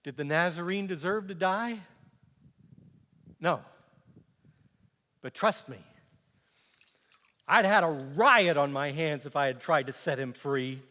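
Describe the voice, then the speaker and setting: An actor playing a middle-aged Roman governor in a theatrical monologue, defensive and self-justifying, speaking in a slow, declamatory way. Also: male voice, fairly high pitch, bright, forceful tone, big-room sound.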